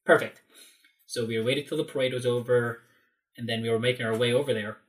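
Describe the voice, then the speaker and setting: A man in casual chat, telling an animated story full of fillers and acted-out quotes. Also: medium pitch, quick pace, far from the mic.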